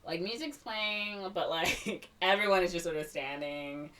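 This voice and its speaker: A woman's voice: fairly low pitch, measured pace, fairly bright tone, distant mic. A woman co-hosting a podcast, retelling a movie in a casual chat, heavy on filler words and acting out the characters' lines. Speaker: podcast co-host.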